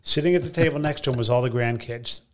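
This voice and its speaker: A male comedian as a podcast guest, telling rambling, animated anecdotes full of fillers. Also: medium pitch, quick pace. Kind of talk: conversational storytelling.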